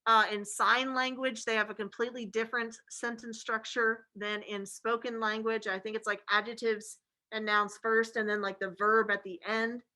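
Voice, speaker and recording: A woman's voice: on the high side, level tone, moderate pace, sharp tone, rough recording. A woman teacher giving a casual classroom lecture, chatty and full of fillers like "okay" and "like".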